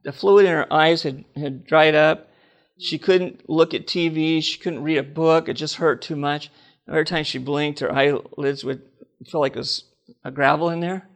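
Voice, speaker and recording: A man's voice: fairly high pitch, steady tone, moderate pace, gravelly. An older man preaching a personal testimony, telling stories with laughter and acting out the dialogue.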